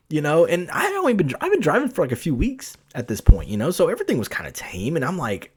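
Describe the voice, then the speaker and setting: A man's voice: fairly high pitch, fast talker, hardly any pauses, slightly rough. A man hosting his own podcast, telling a story casually, rambling with lots of restarts and filler words. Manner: rambling, full of "like" and "you know", many restarts, animated. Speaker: podcast host.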